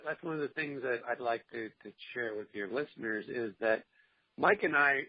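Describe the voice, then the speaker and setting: A man's voice: medium pitch, normal speed, dry recording. A man speaking as an interview guest, talking in an earnest, encouraging way. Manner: earnest, encouraging, faith-driven. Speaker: interview guest, film producer. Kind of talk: casual interview talk. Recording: dull, lo-fi remote audio.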